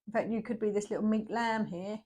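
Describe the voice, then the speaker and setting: A woman's voice: mid-range voice, steady tone, fairly quick, darkish tone. A middle-aged woman giving a casual tarot reading, chatty and emphatic, repeating herself for effect. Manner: chatty, emphatic and repetitive, with bursts of energy. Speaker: tarot reader.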